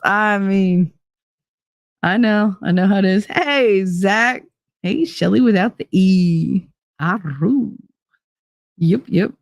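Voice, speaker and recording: A woman's voice: medium pitch, slow pace, long pauses, dry recording, studio quality. A woman with a New Jersey accent hosting a livestream, chatting casually with viewers in a blunt, profane, rambling way. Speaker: livestream host. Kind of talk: casual chat with live viewers.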